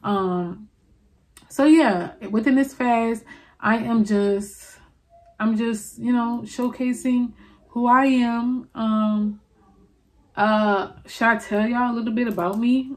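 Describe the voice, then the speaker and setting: A woman in her late twenties with a New Orleans accent, hosting a casual solo confessional podcast, rambling warmly with many fillers and restarts and calling her listeners y'all. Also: mid-range voice, fairly even intonation, a little slow. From New Orleans, USA. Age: 20s. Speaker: podcast host.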